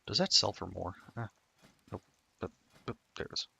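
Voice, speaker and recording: A man's voice: low-pitched, animated, normal speed, vocal fry, bright, forceful tone, breathy edge, no echo. A man streaming a game, chatting casually and rambling through stories with many self-interruptions. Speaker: gameplay streamer. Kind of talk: casual gameplay commentary.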